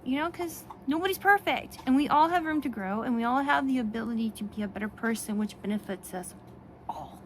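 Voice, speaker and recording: A woman talking casually in a vlog, animated and rambling, with frequent restarts and laughs. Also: fairly high pitch, a little fast, slight background noise. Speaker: vlogger and children's book author. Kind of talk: casual talk to camera.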